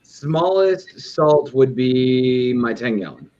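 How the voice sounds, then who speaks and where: A man's voice: medium pitch, expressive, slow, a little mellow. A man giving emphatic hobby advice in a casual aquarium chat. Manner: advising, emphatic. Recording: dull, muffled sound.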